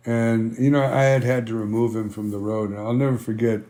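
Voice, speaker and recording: Here the band founder's voice is medium-pitched and mellow, level in tone and fairly quick. The older man rambles through conversational stories as an interview guest, filling gaps with "you know" and acting out old dialogues.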